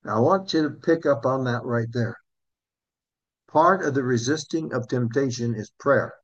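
A male pastor with a husky, slightly breathy, medium-pitched voice preaches a sermon earnestly, putting questions to his listeners. He slows down whenever he reads scripture. The recording is dull and lo-fi.

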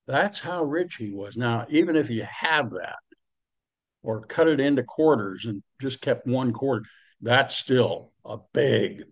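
A man preaching a sermon in a folksy, conversational way, with slang and asides to the listeners. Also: mid-range voice.

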